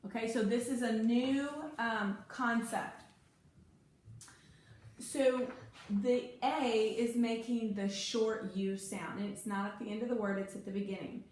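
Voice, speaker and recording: Brief: woman tutor, higher voice, patient, drags out key words; very echoey room with faint hiss. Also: fairly even intonation, unhurried, a little mellow. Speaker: teacher. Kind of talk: one-on-one phonics lesson.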